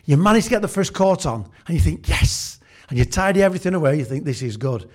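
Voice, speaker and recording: A man's voice: high-pitched, expressive, racing, darkish tone. A man preaching a humorous sermon, telling chatty everyday stories and acting out the scenes. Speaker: pastor.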